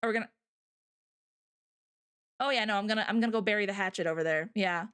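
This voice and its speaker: A woman's voice: medium pitch, fast, a bit bright, clear, resonant tone. A young Canadian woman with a Canadian accent, hosting a casual livestream chat in a giggly, rambling way full of fillers. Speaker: livestream host.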